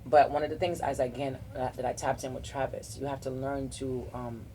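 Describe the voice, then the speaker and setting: A woman's voice: rumbling low, fairly even intonation, a little fast, a little hiss or hum. A middle-aged woman hosting a podcast, giving earnest, rambling relationship advice in a casual group chat. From South Florida. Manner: warm-hearted, rambling, earnest advice with restarts. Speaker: podcast host.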